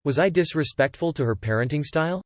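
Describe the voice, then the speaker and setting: A man's voice: fairly high pitch, expressive, quick pace, dry recording. Man narrating in a dry, close voice. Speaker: narrator reading forum posts. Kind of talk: scripted narration.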